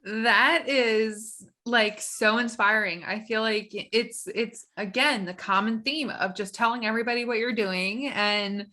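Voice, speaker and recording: A woman's voice: fairly high pitch, measured pace, hardly any pauses, pushed and bright. A woman hosting a podcast interview, reacting to her guest with enthusiasm and encouragement. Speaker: podcast host. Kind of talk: casual interview chat.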